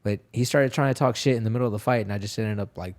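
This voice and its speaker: Homme au parler grave et cru. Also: male voice, lowish voice, racing. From Texas, USA. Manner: profane, animated, acts out quotes. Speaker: guest, professional fighter. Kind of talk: casual storytelling interview.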